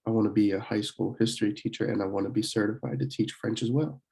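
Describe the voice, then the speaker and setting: Young male student teacher, dark mellow tone, low pitch, relaxed recorded lesson with fillers. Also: creaky. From Pennsylvania, USA. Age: young adult. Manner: casual, many fillers, slow careful word demonstrations. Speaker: student French club teacher.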